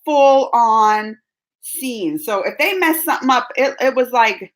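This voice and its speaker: High-voiced chatty woman streamer. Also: a little slow. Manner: animated and talkative, laughs often, restarts sentences. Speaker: YouTube reaction channel host answering viewer questions. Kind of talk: casual livestream chat.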